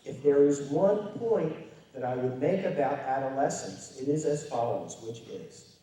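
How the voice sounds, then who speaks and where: A man's voice: medium pitch, expressive, a little slow, warm tone, recorded from a distance. A man giving a public lecture to parents, talking in a wry, conversational storytelling way with emphatic stresses. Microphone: distant from the microphone. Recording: very echoey hall, voice picked up from afar.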